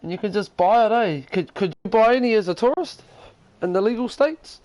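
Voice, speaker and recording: A man's voice: high-pitched, brisk, darkish tone, dry recording, poor audio. A man with a New Zealand accent chatting casually as a game streamer from his lounge, rambling and profane. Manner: rambling, profane and laid-back. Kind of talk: casual chat. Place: lounge at home.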